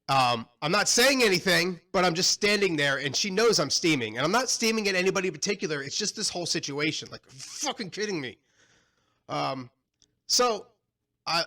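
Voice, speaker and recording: Bright-voiced man telling a frustrated story. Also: fairly high pitch. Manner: animated, profane, frustrated storytelling. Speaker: podcast co-host. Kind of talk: casual storytelling.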